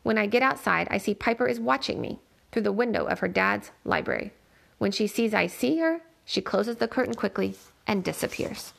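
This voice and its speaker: A woman reading a novel aloud in a steady, plain storytelling manner. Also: mid-range voice, moderate pace, creaky. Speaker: reader.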